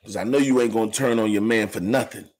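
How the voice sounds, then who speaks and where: A man's voice: fairly low pitch, steady tone, fast, darkish tone. A man hosting an informal online show, talking casually to his viewers, laid-back and slangy. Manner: laid-back, laughing often, slangy asides.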